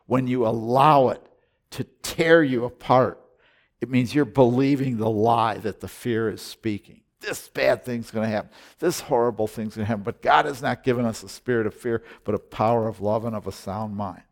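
A pastor of medium pitch delivers a sermon built around a personal story and exhortation. He drifts from soft, slow passages into loud, emphatic declarations.

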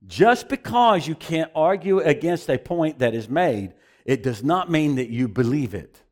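A man's voice: a little high, animated, a little slow. A man preaching a sermon as pastor, emphatic and repeating phrases for emphasis.

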